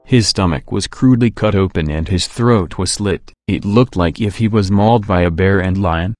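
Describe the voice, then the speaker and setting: A man narrating a creepypasta horror story in a plain, steady storytelling manner. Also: low-pitched, normal speed, dry recording. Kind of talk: creepypasta reading.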